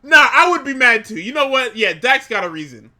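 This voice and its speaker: A man co-hosting a casual wrestling podcast chat, excitable and profane, laughing often as he talks. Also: very high-pitched, a little fast. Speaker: podcast co-host.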